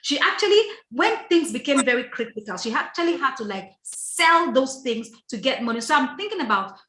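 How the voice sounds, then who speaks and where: A woman's voice: high voice, expressive, brisk, sharp tone, echoey room. A woman hosting a casual panel chat, often stumbling and repeating words as she starts her thoughts. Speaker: podcast host.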